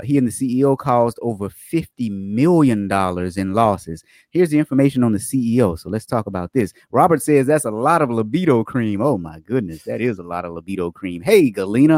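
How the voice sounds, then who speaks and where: A man's voice: mid-range voice, a little mellow, no echo, studio quality. A man hosting a livestream, chatting upbeat with viewers and greeting them by name before reading fraud news stories. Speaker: livestream host.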